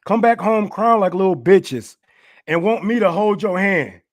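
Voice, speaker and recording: High-pitched male host, profane stammering rants. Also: animated, measured pace. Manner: stammering, laughing, heated. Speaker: podcast host. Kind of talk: profane ranting commentary.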